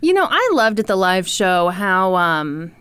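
A woman's voice: mid-range voice, very animated, a little slow, a bit bright, clean tone, no room sound. A woman co-hosting a podcast in casual chat, wry and amused. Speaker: podcast co-host.

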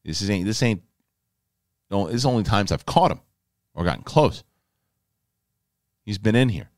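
A man hosting a podcast, telling a story in a casual, animated, emphatic way and swearing freely. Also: fairly low pitch, moderate pace, no room sound, studio quality. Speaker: podcast host.

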